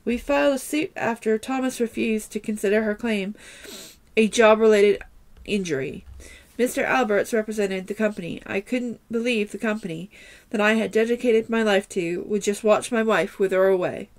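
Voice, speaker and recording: Storybook figure: a troubled middle-aged man, halting and defensive, mid-pitched, read by a woman in her own voice. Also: natural voice. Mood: pleading.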